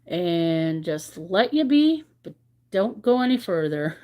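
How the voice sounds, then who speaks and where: A woman's voice: medium pitch, very animated, slow, dull audio. A woman hosting a crochet livestream, chatting candidly and rambling a little as she reflects and reads out comments from viewers. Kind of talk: casual chat with viewers.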